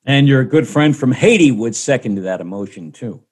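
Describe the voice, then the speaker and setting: A man's voice: mid-range voice, expressive, moderate pace, darkish tone, breathy edge. Male radio host asking questions. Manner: leading, conversational questions. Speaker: radio talk show host. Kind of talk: radio talk show interview.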